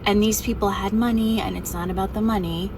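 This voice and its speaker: A woman's voice: mid-range voice, fairly even intonation, brisk, far from the mic, noisy background. A woman gives a blunt, scornful opinion rant straight to the camera.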